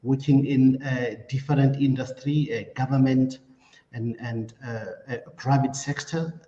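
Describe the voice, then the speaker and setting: A man's voice: medium pitch, level tone, a little slow, warm tone. Hesitant man in an echoey room. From South Africa. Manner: hesitant, many fillers and restarts. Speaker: job candidate. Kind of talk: mock interview answers. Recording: echoey dull room sound.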